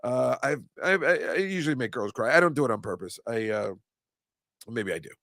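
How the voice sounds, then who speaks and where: A man's voice: mid-range voice, animated, a little fast, vocal fry, fairly bright tone, dry recording, studio quality. An older man, hosting a casual chat show and ranting with self-mocking asides. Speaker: host. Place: comedy club studio.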